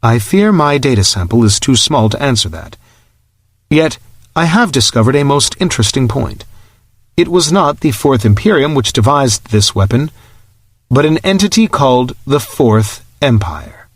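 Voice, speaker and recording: A man voicing a calm, precise starship computer that speaks in formal, measured, clipped military phrasing. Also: mid-range voice, dry recording, clean studio sound.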